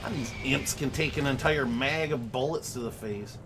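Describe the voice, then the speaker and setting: A man's voice: medium pitch, moderate pace, noisy background. A young man livestreaming a game from his home office, ranting, swearing and laughing as he chats with viewers. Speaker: streamer. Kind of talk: casual gaming livestream chat.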